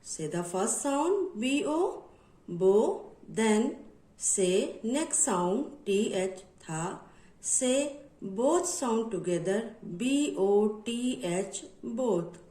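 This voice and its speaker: A woman teaching a phonics lesson to children, slowly spelling words letter by letter and repeating each step as a drill. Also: a little high, expressive, dark tone, echoey room, low-quality recording. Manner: repetitive, instructive drill.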